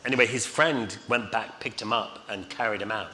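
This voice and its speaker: A man's voice: fairly low pitch, moderate pace, pushed and bright. A middle-aged man telling rambling, chuckling anecdotes on stage as a guest, with many fillers. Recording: reverberant hall, faint noise.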